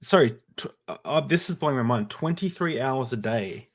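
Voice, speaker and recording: A man's voice: medium pitch, lively intonation, normal speed. Hesitant male podcast host. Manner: hesitant, laughs easily, eager questions. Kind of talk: casual interview.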